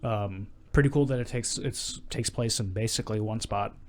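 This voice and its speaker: A man's voice: on the low side, moderate pace, a little hiss or hum. Chatty man retelling movie scenes. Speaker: podcast co-host. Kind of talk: casual movie chat.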